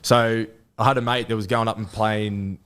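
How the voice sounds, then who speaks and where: A man's voice: on the low side, steady tone, moderate pace, fairly bright tone, clean tone. A young Australian man in his twenties, a footballer telling stories in a rambling, casual interview with lots of restarts. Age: 20s. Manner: rambling storytelling with many restarts and fillers. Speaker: rugby league player guest.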